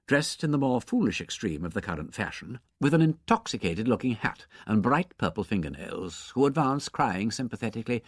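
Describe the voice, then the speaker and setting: A man reads a novel aloud as an audiobook narrator. His delivery is measured but expressive, with a lively pitch that moves a good deal. The recording is close and dry. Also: slightly rough, dry recording.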